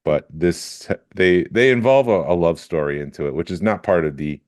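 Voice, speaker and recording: Very deep-voiced podcast co-host. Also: male voice, lively intonation, normal speed, a little mellow, no echo, clean studio sound. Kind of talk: casual chat.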